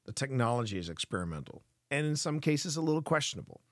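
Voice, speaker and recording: Man, mid-pitched, hosting a casual live stream, earnest and chatty, dry close sound. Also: big pitch swings, quick pace, no echo. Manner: earnest, explaining at length to chat.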